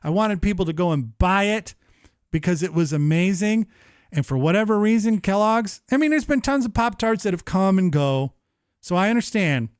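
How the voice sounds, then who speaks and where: High-voiced animated male streamer. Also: normal speed, smooth, no room sound, studio quality. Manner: animated, profane, mock-emotional. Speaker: show host. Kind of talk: casual livestream chat. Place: streaming setup.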